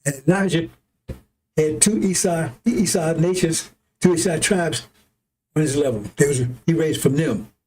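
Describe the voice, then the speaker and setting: Husky high-voiced man preaching. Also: moderate pace, dark tone. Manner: blunt, rambling, laughs often, swears. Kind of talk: loose spoken sermon with scripture reading.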